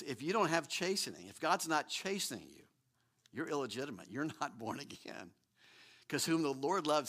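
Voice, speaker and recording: A man's voice: high-pitched, sharp tone. A middle-aged man preaching a sermon, emphatic, asking rhetorical questions and often repeating words. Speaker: pastor.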